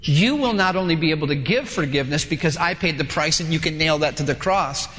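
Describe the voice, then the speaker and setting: A man voicing God as a patient, firm figure who calmly instructs a believer. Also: fairly high pitch, brisk, voice pushed down, natural voice. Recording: long hall reverb.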